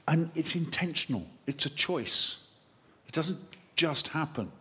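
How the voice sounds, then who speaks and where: A man, a vicar, giving a lively sermon that wanders into chatty, self-mocking asides. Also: on the high side, measured pace. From England. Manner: animated, chatty preaching with digressions and self-deprecating asides.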